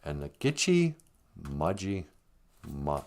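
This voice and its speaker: A man's voice: very deep voice, huge pitch swings, takes it slowly, a little mellow. Rambling joking male storyteller. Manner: rambling, with joking asides and self-corrections. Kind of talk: casual comedic storytelling on a live stream.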